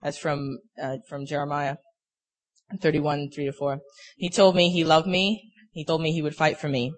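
Young guy telling his faith story, kinda high voice, lots of you know, halting and earnest. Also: little pitch movement. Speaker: speaker sharing a personal testimony. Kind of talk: personal faith testimony.

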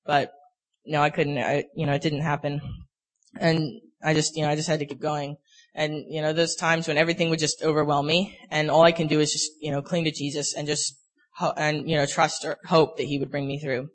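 A young man giving a personal faith testimony, earnest and halting, with many filler words. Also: on the high side, level tone. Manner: earnest, halting, full of "you know" fillers. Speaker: speaker sharing a personal testimony.

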